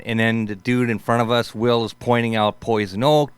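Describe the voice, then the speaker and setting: A man's voice: on the low side, fairly even intonation, moderate pace, smooth, no room sound. A man in his fifties hosting a show, telling rambling casual stories in a laid-back way, peppered with "man" and "for sure". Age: 50s. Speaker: host.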